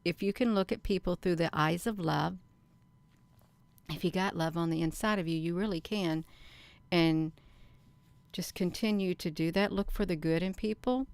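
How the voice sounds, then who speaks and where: Low raspy-edged lady rambling on her channel, slow and earnest, dry sound. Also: dry recording. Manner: slow, earnest, addresses viewers as "you all". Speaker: channel host. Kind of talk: rambling casual monologue.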